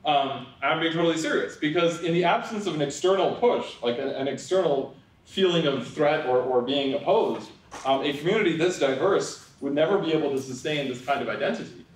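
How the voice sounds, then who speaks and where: A man's voice: a little high, lively intonation, a little fast. Young male speaker from New York, lecture with jokes, conversational and wry, lots of fillers; mic picks him up from a distance in a reverberant room. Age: young adult. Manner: conversational, frequent "um" and "right?", wry asides. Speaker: public speaker. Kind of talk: lecture talk with humorous asides. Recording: echoey hall, voice from far off.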